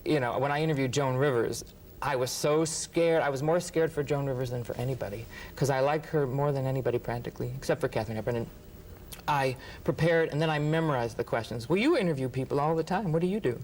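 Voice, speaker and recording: Animated male storyteller, mid pitch. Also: quick pace, poor audio. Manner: animated, acts out quotes, laughs often. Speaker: interview guest, writer. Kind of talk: anecdotal storytelling.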